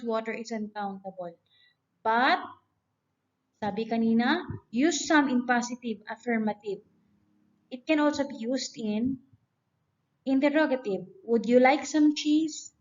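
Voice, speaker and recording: A woman giving a grammar lecture, explaining step by step and reading example sentences aloud. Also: a little high. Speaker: teacher. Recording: dull lo-fi recording.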